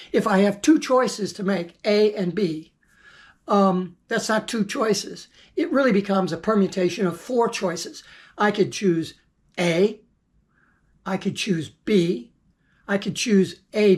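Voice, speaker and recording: A woman's voice: mid-range voice, darkish tone. Blunt, chatty woman teaching forex trading. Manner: blunt, conversational, repeats words while thinking, occasional swearing. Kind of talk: informal teaching monologue.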